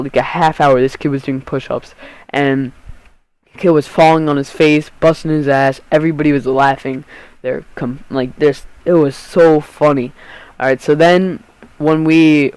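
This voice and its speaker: This teenage boy's voice is fairly high yet darkish and clean, recorded with no room sound but in low quality. Rambling and cursing through a storytime for his vlog viewers, he keeps interrupting himself mid-sentence.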